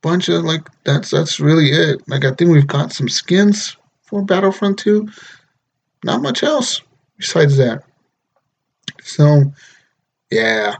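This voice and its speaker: A man's voice: a little high, animated, takes it slowly, gravelly, long pauses. A young man hosting a solo gaming podcast, ranting and joking with lots of swearing. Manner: profane, exasperated, joking. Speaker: podcast host.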